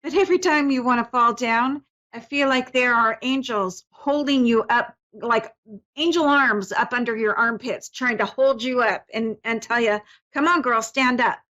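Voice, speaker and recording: Soothing woman medium, somewhat high voice. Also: moderate pace, fairly bright tone, lo-fi sound. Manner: soothing, reassuring, talks in fillers and restarts. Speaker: psychic medium host. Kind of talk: psychic reading on a call-in show.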